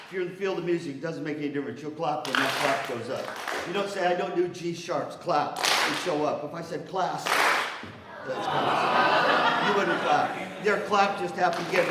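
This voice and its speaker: A man's voice: a little high, very noisy. An older man giving a playful motivational talk as guest speaker at a university, teasing the audience. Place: university hall. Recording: roomy hall from far off.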